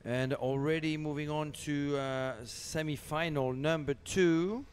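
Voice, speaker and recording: A man's voice: fairly high pitch, steady tone, measured pace, a little hiss or hum. A man doing live sports commentary, relaying results and times with some hesitation.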